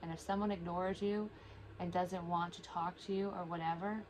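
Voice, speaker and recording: A woman's voice: fairly low pitch, fairly even intonation, normal speed, slight background noise, poor audio. A woman, a psychic medium, talking to her viewers in a rambling, blunt, heavily profane casual monologue, sometimes close to tears. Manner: emotional, near tears at times.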